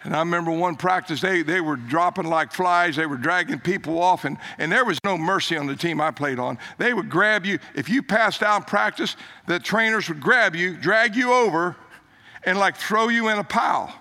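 An older man preaching a sermon, telling a story with emphatic rises and hushed low quotes. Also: normal speed. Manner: animated, emphatic, drops low for quoted lines.

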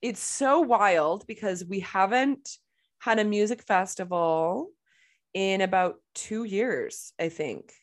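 A woman, co-hosting a casual chat podcast, talkative and quick to laugh. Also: mid-range voice. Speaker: podcast co-host.

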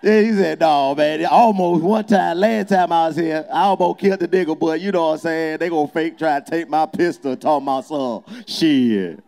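A man's voice: fairly high pitch, normal speed, hardly any pauses, warm tone. A young adult man, a comedian, doing a boisterous, profane, teasing improvised roast inside a small nightclub.

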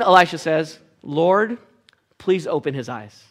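A man preaching a sermon, retelling a Bible story in a casual, animated way, acting out the characters' voices with big swings from hushed to loud. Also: fairly high pitch, moderate pace. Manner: casual asides and filler restarts. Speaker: pastor.

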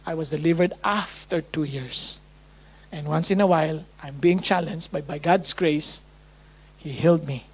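A woman's voice: low voice, normal speed, husky. A woman from the Philippines with a Filipino accent, preaching a testimony in a sermon and acting out her own past prayers with dramatic quoted lines. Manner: swings between hushed and loud.

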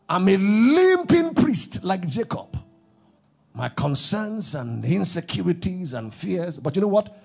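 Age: adult. Sex: male. Role: preacher. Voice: very high, raspy, gravelly. Delivery: shouted, fervent. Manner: shouting, chanting, repeating phrases. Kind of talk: fervent sermon with prayer in tongues.

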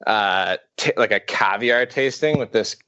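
A man's voice: fairly low pitch, measured pace, pushed and bright, clear, resonant tone, dry recording, highs cut off. Young man, dry close casual storyteller. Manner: easygoing storytelling, swearing, with filler words. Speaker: podcast co-host. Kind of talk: casual chat.

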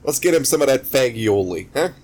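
A man putting on a pushy New York accent as a loud, cursing counter guy who hawks his food in a sing-song voice. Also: mid-range voice, lively intonation, a little fast, voice pushed up, lightly acted. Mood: hawking. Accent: put-on New York.

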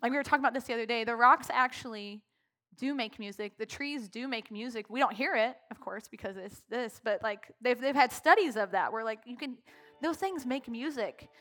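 Emotional church lady sharing from the front, laughs a lot, says like constantly, sharp bright voice, quiet music under her. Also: fairly high pitch, a little fast. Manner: emotional, laughing through her words, heavy use of "like". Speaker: worship leader. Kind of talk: impromptu church talk. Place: church sanctuary.

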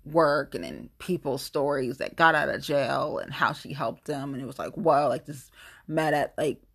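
A young woman talking in a casual monologue, rambling and animated, with blunt opinions and lots of fillers. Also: very deep voice, normal speed, vocal fry, husky. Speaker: vlogger sharing opinions.

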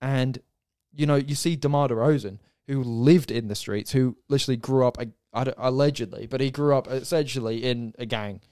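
A man's voice: medium pitch, fairly quick, darkish tone, clear, resonant tone, dry recording, clean studio sound. A man co-hosting a sports podcast, ranting and swearing with exasperation. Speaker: podcast co-host. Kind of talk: casual sports podcast chat.

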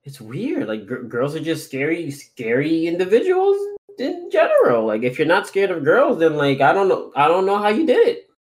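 A man's voice: a little high, big pitch swings, moderate pace. A young man rambling casually in a group call, full of fillers and jokes. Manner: rambling, many "like" fillers, joking.

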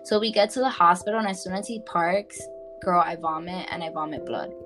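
A young woman casually telling a personal story to a friend on a podcast, animated and full of fillers, calling her listener "girl". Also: lowish voice, fairly quick, faint music behind.

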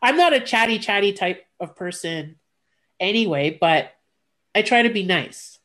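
A woman's voice: mid-range voice, unhurried. A woman talks casually with a friend, recounting a personal story in a candid, blunt way. She trips over her words and restarts often, and she acts out each exchange by quoting what everyone said. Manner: candid, animated retelling with quoted voices, blunt.

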